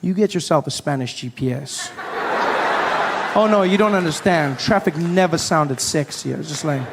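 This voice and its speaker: A man riffs playfully through a stand-up set on a club stage. His voice sits a little high, and it rings out with long reverb from the room. A faint crowd murmur sits underneath. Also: moderate pace, gravelly, noisy background. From South Africa. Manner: playful, conspiratorial riffing with the crowd. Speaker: stand-up comedian. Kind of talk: stand-up comedy routine.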